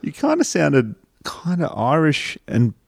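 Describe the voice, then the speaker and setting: A man hosting a casual podcast, laid-back and quick to laugh. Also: on the high side, huge pitch swings, gravelly, no room sound, studio quality. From Australia. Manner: laid-back, laughs often, short interjections. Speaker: podcast host.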